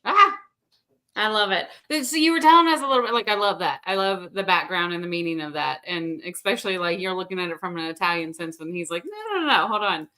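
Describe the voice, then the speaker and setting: A woman hosting a casual interview, encouraging her guest with quick affirmations. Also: fairly low pitch, pushed and bright. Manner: encouraging, frequent brief affirmations. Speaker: interview host.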